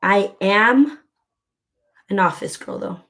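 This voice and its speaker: This is a woman at a middle pitch, chatting casually while she crochets at home. She rambles freely and leans on filler words. Her delivery is relaxed and conversational, like a craft vlogger talking with her audience. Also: takes it slowly.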